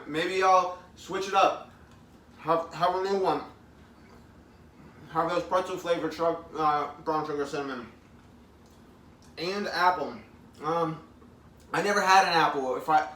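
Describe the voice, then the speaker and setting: Streaming himself eating at home, this thirtysomething man keeps things chatty and upbeat, reads viewer comments out loud, and speaks through mouthfuls of food. He has a fairly high, fairly bright voice, picked up by a distant mic in a room with echo.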